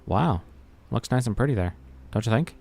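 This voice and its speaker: A man's voice: medium pitch, lively intonation, normal speed, creaky, background noise. A man streaming a video game, chatting casually and rambling to himself as he plays. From Greek family background. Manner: rambling, talks to himself while playing. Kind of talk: casual gameplay commentary.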